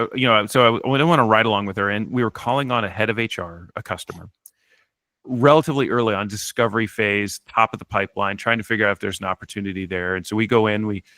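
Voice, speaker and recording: Fast-talking man telling a lively story. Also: on the low side, no echo. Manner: animated, acts out quotes, frequent restarts. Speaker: author and guest. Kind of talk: conversational interview storytelling.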